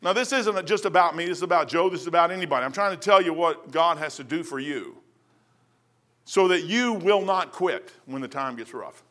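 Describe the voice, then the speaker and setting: High bright-voiced preacher man. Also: fairly quick. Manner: animated storytelling with sudden loud outbursts. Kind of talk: testimony sermon.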